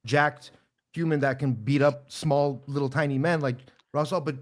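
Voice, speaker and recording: A man riffing in animated, rambling jokes with sound effects in a casual podcast chat. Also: a little high, moderate pace.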